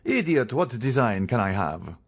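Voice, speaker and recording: A man reading an audiobook, voicing a stern, contemptuous count disguised as a priest who speaks in measured, cold commands. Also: mid-range voice, very animated, husky, heavily acted.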